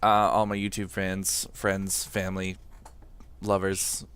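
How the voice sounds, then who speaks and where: A man's voice: low voice, completely flat delivery, slow pace, fairly bright tone, smooth. A young man from the area co-hosting a casual gaming podcast, laid-back, swearing and laughing easily. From Boston area, USA. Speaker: podcast co-host. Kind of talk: casual chat.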